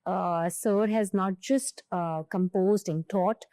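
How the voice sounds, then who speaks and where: A woman's voice: mid-range voice, slow, warm tone, no room sound, clean studio sound. A woman with an Indian English accent co-hosting an interview, speaking with enthusiasm and rephrasing as she goes. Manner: enthusiastic, with many fillers and rephrasings. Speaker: podcast co-host.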